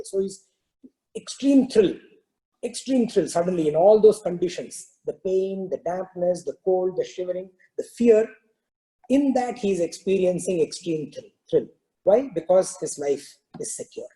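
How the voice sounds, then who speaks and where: A man telling a parable during a spiritual talk, in a relaxed storytelling manner with many "you know" fillers. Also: high voice, moderate pace, rough recording. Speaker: spiritual discourse teacher.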